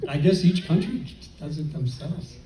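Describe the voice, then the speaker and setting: A man's voice: on the high side, lively intonation, moderate pace, dark tone. A man chatting easygoing on a convention panel, laughing often. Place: convention hall panel stage. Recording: roomy, distant, audible crowd noise.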